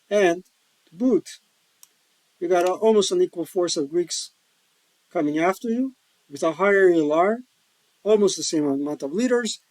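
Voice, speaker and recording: On a dry, low-quality recording, a man's slightly high, darkish voice gives easygoing commentary on a solo board wargame. He's the player and host, joking around and rambling with folksy asides.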